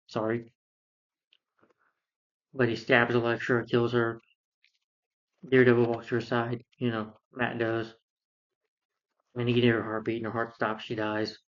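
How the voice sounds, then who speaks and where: A man's voice: mid-range voice, monotone, unhurried, long pauses. A man recapping a film plot in a casual, rambling way, with many fillers and restarts. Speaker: film reviewer. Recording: dull lo-fi sound.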